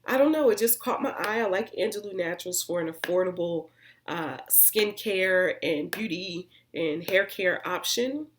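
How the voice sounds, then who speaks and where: A woman's voice: lowish voice, expressive, moderate pace. Chatty woman reviewing beauty products. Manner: chatty, rambling, upbeat. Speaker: beauty vlogger.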